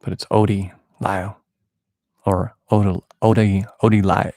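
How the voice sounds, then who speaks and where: A man with a very low, gravelly voice offers an improvised prophetic prayer over a listener. He rambles affectionately and teases himself as he goes, and his voice sounds close and dry. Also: little pitch movement, moderate pace, darkish tone, no room sound. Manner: playful, affectionate, rambling and self-mocking. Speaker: spiritual podcast host.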